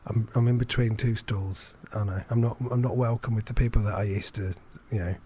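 A man's voice: fairly low pitch, fairly even intonation, brisk, warm tone, a little hiss or hum. Rambling self-deprecating man. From England. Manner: rambling, self-deprecating, many fillers and restarts. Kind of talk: casual chat, anecdote.

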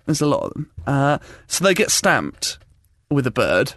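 A young man telling a funny story in a casual chat, animated and laughing often as he acts out quotes. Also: mid-range voice, a little slow, dry recording, studio quality.

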